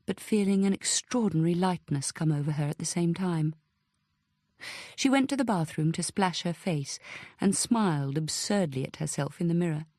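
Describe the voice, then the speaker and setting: A woman's fairly low voice tells an audiobook story from a script, steady and measured. There is no echo, and the studio sound is clean.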